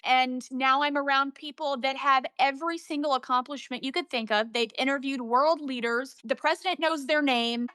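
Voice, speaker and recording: A young woman from Central Illinois, a journalist, telling animated, emotional stories as an interview guest. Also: high-pitched, moderate pace, hardly any pauses, clean tone, dry recording, clean studio sound. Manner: emotional, animated storytelling with quoted dialogue. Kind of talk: storytelling in a casual interview.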